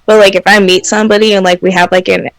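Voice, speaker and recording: A woman's voice: mid-range voice, flat delivery, fast talker, no room sound, low-quality recording. A young woman from Washington and Oregon co-hosting a casual podcast, laid-back and giggly, swearing casually as she chats. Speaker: co-host.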